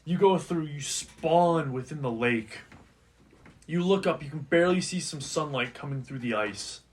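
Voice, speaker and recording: A man's voice: fairly high pitch, animated, normal speed. A man running a tabletop game as game master, describing scenes in a casual way. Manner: casual, describing scenes and voicing side characters. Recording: distant mic with faint noise.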